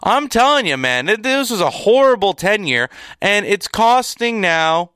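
A man's voice: high voice, very animated, measured pace, pushed and bright, clean tone, no room sound, studio quality. A young man giving an opinionated sports recap, emphatic and exasperated, repeating words to drive home his points. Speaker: sports commentator.

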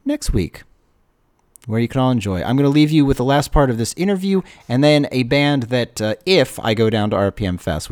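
Self-deprecating college radio host, a man with a bouncy, animated voice and a dry studio mic sound. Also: medium pitch, dry recording. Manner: rambling, self-deprecating, many fillers. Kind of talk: casual radio show chatter.

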